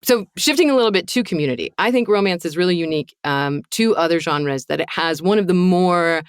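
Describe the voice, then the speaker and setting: A woman's voice: lowish voice, animated, a little fast, clear, resonant tone, no echo, studio quality. A woman hosting a podcast roundtable, talking conversationally and steering the discussion with questions. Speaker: podcast host.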